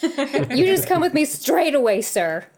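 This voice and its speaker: A woman's voice: high-pitched, big pitch swings, a little slow, a little mellow, voice pushed up, full character voice. Woman putting on a gushing Southern housewife. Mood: gushing delight. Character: gushing, overexcited Southern mother of two.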